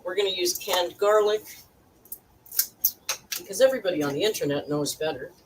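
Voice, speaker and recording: A woman talks her viewers through a recipe in a relaxed, chatty way and tosses in wry asides. She sits well back from the mic, so her voice sounds distant. Kitchen noise runs clearly underneath. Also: on the low side, a little fast. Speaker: cooking channel host. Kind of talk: casual chatty cooking vlog. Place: home kitchen.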